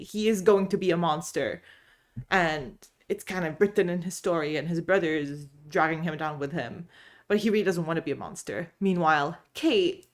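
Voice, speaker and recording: A woman chatting casually about books as a vlogger, bubbly and animated, laughing often while she tells stories from home. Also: lowish voice. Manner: animated storyteller. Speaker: book vlogger. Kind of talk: casual chat.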